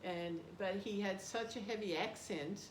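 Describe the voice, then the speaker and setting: A woman's voice: medium pitch, a little slow. An older woman with an Australian accent, telling a story with laughter and self-deprecating humor in a casual interview. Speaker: interviewee, devotee. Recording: roomy with background noise.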